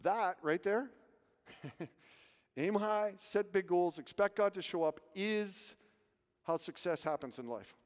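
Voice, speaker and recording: A man's voice: high-pitched, takes it slowly, pauses often. A man preaching a sermon as pastor, telling stories and asking rhetorical questions. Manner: animated storytelling, rhetorical questions. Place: church sanctuary. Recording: reverberant hall.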